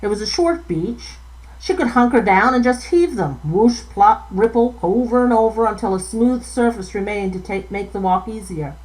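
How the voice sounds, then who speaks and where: A woman author reads her own novel aloud in a live reading. She goes at an even, unhurried clip, tripping over a word now and then and correcting herself before carrying on. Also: medium pitch, low-quality recording.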